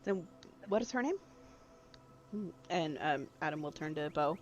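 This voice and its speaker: A game master narrating a tabletop game, halting often with fillers and restarts. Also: medium pitch, expressive, highs cut off. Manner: hesitant narration with many fillers.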